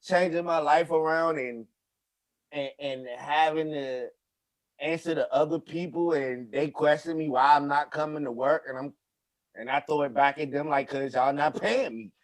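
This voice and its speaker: Blunt man venting with a slightly high voice. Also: fairly even intonation, normal speed. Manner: blunt, profane, venting, swears freely. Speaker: guest. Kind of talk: casual chat.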